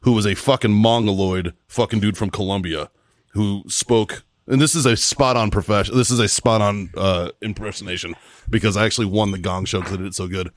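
A man's voice: lowish voice, fairly quick, dry recording. Profane ex-Marine man telling stories. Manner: profane, joking storyteller. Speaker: podcast co-host, former Marine. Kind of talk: casual chat.

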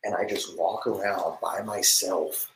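Brash low-voiced man ranting on a stream. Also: steady tone, measured pace, noisy background. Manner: brash and boastful, swearing, swings between loud ranting and hushed whispering. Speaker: live streamer. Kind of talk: rambling hyped-up monologue. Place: home office. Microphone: desk mic in home office.

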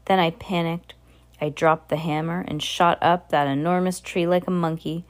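Woman narrator, very low voice, expressive storytelling, audiobook reading. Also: normal speed. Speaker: reader. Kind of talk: audiobook reading of a children's novel.

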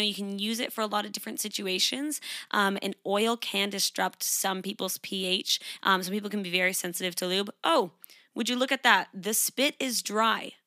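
A young woman hosts her own podcast in a frank, emphatic way, slipping into animated quoted voices. Her tone is bright and forceful, and she sounds close to the mic in a dry, dead room with no echo. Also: mid-range voice. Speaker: podcast host. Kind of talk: casual solo podcast talk.

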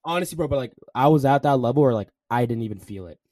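A young man co-hosting a casual podcast, rambling through stories in a loose, slangy way. His voice sits at an ordinary middle pitch. The sound is close and dry, with no room echo. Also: animated, fast talker, a little mellow. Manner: loose storytelling, heavy on "bro" and "like". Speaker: podcast co-host. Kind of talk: casual chat.

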